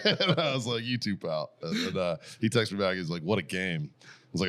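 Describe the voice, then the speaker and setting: A man's voice: low-pitched, sing-song, normal speed, a bit bright. A man, co-hosting a podcast in casual chat, telling a story with lots of swearing and laughter. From Boston area. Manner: profane storytelling, retelling texts with laughter. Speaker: podcast co-host.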